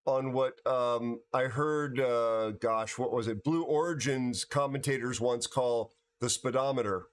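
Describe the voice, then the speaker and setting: A tired older American man hosting a casual livestream chat, rambling and halting with many restarts and fillers. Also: medium pitch. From United States. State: tired from no sleep. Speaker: livestream host.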